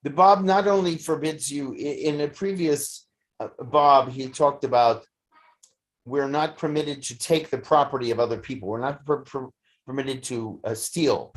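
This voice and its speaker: A teacher giving a thoughtful lecture to a study group, pausing often with fillers and restarts. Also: mid-range voice. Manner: halting, many fillers and restarts. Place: study session streamed on video call.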